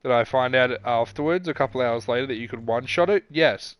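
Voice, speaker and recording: A man's voice: mid-range voice, a little fast, clean tone, no room sound. Crude, rambling male streamer. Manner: crude, rambling, swears a lot. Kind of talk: casual live-stream chat.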